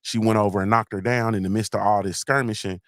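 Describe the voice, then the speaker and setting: A man's voice: fairly low pitch, fairly even intonation, quick pace, a bit bright, no echo, studio quality. A man hosting a live show, telling a loose, slangy story and checking in with listeners again and again. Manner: rambling and slangy, keeps asking "you feel me?". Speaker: host of a live motivational show. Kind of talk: casual storytelling on a livestream.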